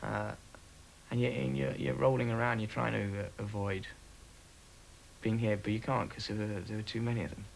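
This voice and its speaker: A man with a low, gravelly voice remembering events for a documentary interview. He speaks haltingly and stops often to search for words. A faint hiss runs under the recording. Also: steady tone, rough recording. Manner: halting, full of pauses and fillers. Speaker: former RAF aircrew interviewee.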